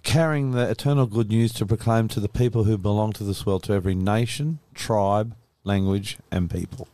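Tired low-voiced male co-host. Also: moderate pace, mellow. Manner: reads scripture aloud, short replies. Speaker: radio co-host. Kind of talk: live radio Bible study.

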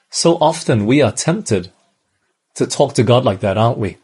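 A male preacher with a husky, slightly breathy voice, pitched in an ordinary middle range. He delivers his sermon earnestly, circling back over phrases and pressing the congregation with rhetorical questions. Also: expressive, moderate pace, a little mellow.

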